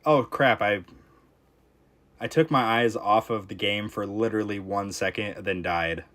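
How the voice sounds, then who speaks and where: A young man streaming a tower defense game, casually chatting with his viewers and reacting out loud to close calls. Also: on the low side, unhurried. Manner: reactive, talks to chat while playing, frequent exclamations. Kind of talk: casual live-stream commentary.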